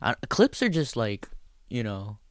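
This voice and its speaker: A man's voice: medium pitch, a little slow, no echo, studio quality. Profane, rambling male comedian. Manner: profane, rambling, animated storyteller. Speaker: stand-up comedian and show host. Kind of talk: casual storytelling chat.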